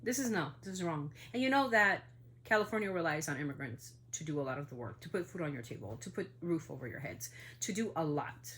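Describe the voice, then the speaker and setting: A woman's voice: low voice, lively intonation, a little fast, a bit bright. A woman hosting a family podcast in a casual monologue, heated and indignant, swearing as she talks about being upset. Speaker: podcast host.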